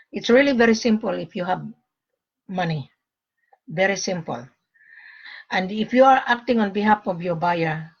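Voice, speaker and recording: A woman talks to her viewers on a live stream, blunt and lecturing, with frequent "mm-hmm"s. Her voice is husky and sits at a middle pitch. The audio is dull and lo-fi. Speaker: gold seller hosting her own page.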